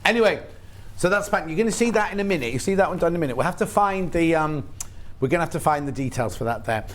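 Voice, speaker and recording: A man's voice: on the high side, expressive, fairly bright tone. A British man presenting on a live shopping channel, chatting eagerly and listing products. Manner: chatty, quick asides, lists products eagerly. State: has hiccups. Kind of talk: live TV sales chat.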